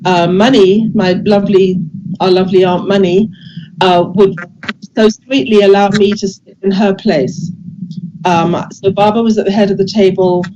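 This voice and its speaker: Older woman, gentle halting storyteller. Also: medium pitch, steady tone, highs cut off, background noise. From England. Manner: gentle, hesitant, many restarts and fillers. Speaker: guest speaker sharing memories. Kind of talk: casual storytelling over video call. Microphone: video call.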